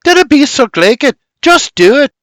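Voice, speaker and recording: A man plays a cheeky young woman, pitched high and swinging wide as she needles her brother. Her voice is bossy and sarcastic, dry with no room sound. It is for a storybook audiobook. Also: very animated, normal speed, a bit bright, no room sound, full character voice. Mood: teasing. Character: sarcastic teasing young colonial woman, a little sister.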